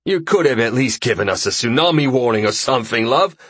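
A man's voice: medium pitch, expressive, fairly quick, a bit bright, breathy edge, dry recording, pitched above the performer's own voice. A man voicing a rowdy bathhouse companion who scolds in slangy talk, in an audiobook. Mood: chiding. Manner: slangy, chiding.

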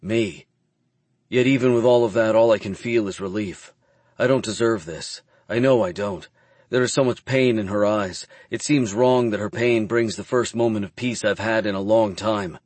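A man narrates a first-person romance chapter in a low voice. His delivery is measured and subdued. The recording is close and dry. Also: darkish tone, dry recording. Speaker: audiobook narrator.

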